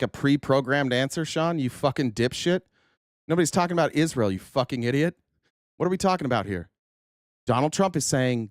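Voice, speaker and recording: A male podcast host rants angrily and swears on a political talk show, sometimes getting choked up as he delivers his commentary. His medium-pitched voice is captured in a dry, studio-quality recording.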